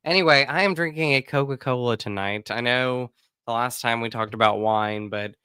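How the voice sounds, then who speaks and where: A man in his thirties, slightly hoarse, hosting a casual podcast and chatting in an animated way. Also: normal speed, dry recording, clean studio sound. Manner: animated, chatty, warm greetings with pitch jumps. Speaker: podcast co-host.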